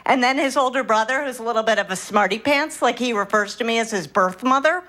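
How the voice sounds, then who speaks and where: A middle-aged woman performing a stand-up comedy set with a wry, deadpan delivery, recorded live on a comedy stage. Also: on the high side, fast, few pauses. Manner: wry, deadpan delivery with quoted child voices. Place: comedy stage with laughing audience.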